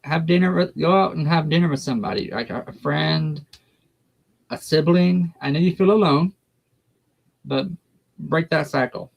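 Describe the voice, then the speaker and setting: A man's voice: fairly high pitch, normal speed, gravelly, pauses often, muffled recording. A man, a guest tarot reader talking in a folksy, blunt way. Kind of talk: casual chat during a tarot reading.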